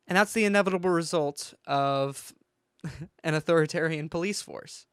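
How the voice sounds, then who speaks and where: A man rants in a heated, foul-mouthed way, hammering his points with sarcasm and emphasis. His voice sits a little high for a man. The sound is dry and close, with no room echo. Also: moderate pace, a bit bright, clear, resonant tone. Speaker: political commentator. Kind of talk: profane ranting commentary.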